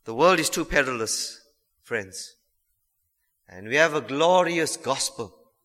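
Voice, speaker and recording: A man preaching with a bright, forceful voice, earnest and emphatic, pressing his listeners with rhetorical questions. His voice rings through a church hall with a long reverb tail. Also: medium pitch, animated, slow pace. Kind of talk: sermon.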